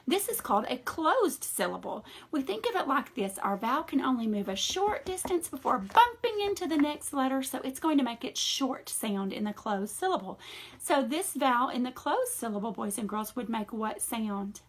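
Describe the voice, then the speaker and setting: Woman, reading teacher, phonics lesson for children, sing-song, husky. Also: high voice, sing-song, moderate pace.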